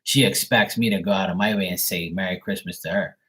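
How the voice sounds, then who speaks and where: A man's voice: sits low, fairly even intonation, brisk, a bit bright, husky, rough recording. A man talking casually and bluntly, venting with plenty of swearing. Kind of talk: casual chat.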